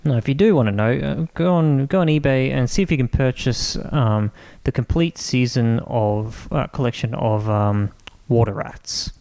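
A man's voice: mid-range voice, creaky, dark tone. Hesitant man chatting on a podcast. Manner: halting, searching for words, frequent restarts. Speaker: podcast co-host. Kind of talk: casual chat.

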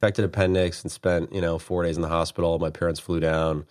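Low-voiced man in casual chat. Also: level tone, brisk, darkish tone. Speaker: podcast guest, comedy screenwriter.

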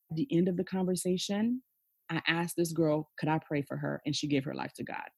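Her voice is fairly low and darkish with a breathy edge, paced at normal speed and recorded dry. This woman in her forties is a podcast guest, sharing her personal story emphatically and frankly while peppering it with "okay?" and "you know."

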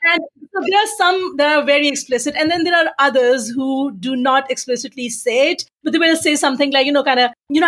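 High-voiced, animated woman podcast guest. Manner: animated, joking, quick to laugh. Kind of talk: casual interview chat.

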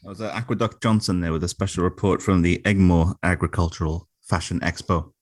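A man's voice: deep voice, fairly even intonation, brisk, slight background noise. A man co-hosting a comedy podcast in a dry, mock-formal anchor tone. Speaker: podcast co-host.

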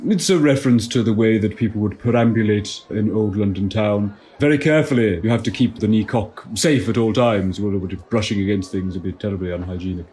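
A man's voice: on the low side, a little fast, hardly any pauses, darkish tone, a little hiss or hum, close to an everyday voice. A man playing a pompous, self-satisfied tour guide in a comedy audio sketch, talking in a mock-learned way.

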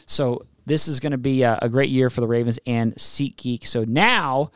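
A man's voice: mid-range voice, fairly even intonation, normal speed, fairly bright tone, clear, resonant tone, dry recording, clean studio sound. A man co-hosting a sports podcast, reading sponsor spots and teasing his partner in casual banter. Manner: reads ad copy, teasing, laughs often. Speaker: podcast co-host.

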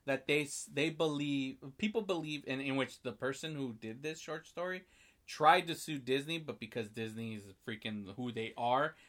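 Bright, animated man telling a story. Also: moderate pace. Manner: animated storyteller, acts out lines with big jumps in pitch and loudness, swears. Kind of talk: casual chat recapping a film.

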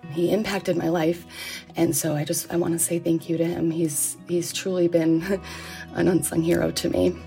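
A woman's voice: on the low side, little pitch movement, moderate pace, creaky, dark tone, soft background music. A woman in her thirties telling a heartfelt personal story in a chatty way with frequent laughs, recorded as a phone voice memo.

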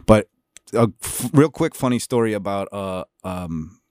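Low-voiced man rambling through a story. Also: lively intonation, measured pace, a little mellow, dry recording, studio quality. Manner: rambling, storytelling with lots of fillers and restarts. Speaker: actor guest. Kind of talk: casual interview chat.

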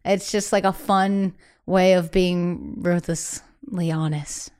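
A woman guest singer chatting casually in an interview, animated and acting out quotes in other voices, laughing often. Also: lowish voice, takes it slowly, clean tone.

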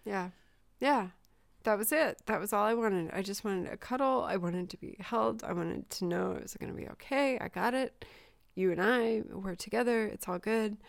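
A woman's voice: mid-range voice, moderate pace, vocal fry, no room sound, clean studio sound. A woman in her forties, a mother from Southern California, telling a personal story in a candid, emotional way with many fillers in a casual chat.

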